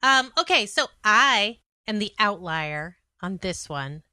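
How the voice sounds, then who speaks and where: A woman's voice: mid-range voice, expressive, slow, pushed and bright, dry recording. A woman judging on a podcast, chatting in an effusive, enthusiastic way. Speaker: judge. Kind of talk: casual podcast chat.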